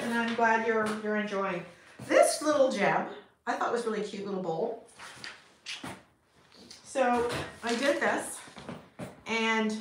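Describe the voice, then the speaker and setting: A middle-aged woman from Canada, chatting casually and upbeat on a livestream, laughing often and talking to her viewers. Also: a little high. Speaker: potter streaming live. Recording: echoey room with faint noise.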